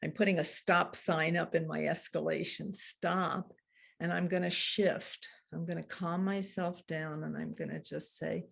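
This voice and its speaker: A woman coaching couples on handling conflict, explaining earnestly with soft laughs. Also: low-pitched, normal speed, vocal fry, husky. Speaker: relationship coach. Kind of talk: teaching a couples workshop talk.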